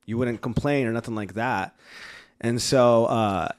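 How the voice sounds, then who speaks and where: A man's voice: mid-range voice, a little slow. A man guest on a podcast, chatting casually in a rambling, filler-heavy, friendly way. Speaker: guest, recovery event organizer. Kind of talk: casual conversation.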